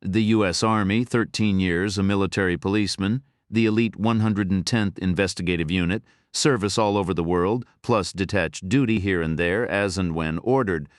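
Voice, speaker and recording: This first-person thriller audiobook is narrated by a man with a very low voice, steady and matter-of-fact, moving at a moderate pace with hardly any pauses. The close, dry recording has no room sound.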